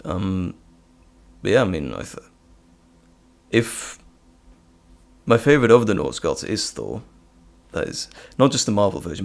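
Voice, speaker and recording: Man, stream host, relaxed rambling chat, gravelly voice, lively pitch. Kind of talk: casual live stream chat.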